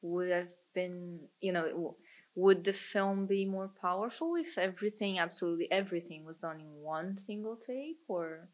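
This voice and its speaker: A woman's voice: fairly low pitch, normal speed, rough recording. A woman in a casual film discussion who asks reflective questions about how the film was made.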